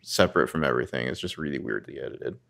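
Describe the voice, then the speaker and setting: A man's voice: very deep voice, fast, creaky, a bit bright. A man co-hosting a podcast, chatting casually about a movie and laughing often as he rambles. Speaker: podcast co-host. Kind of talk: casual movie review chat.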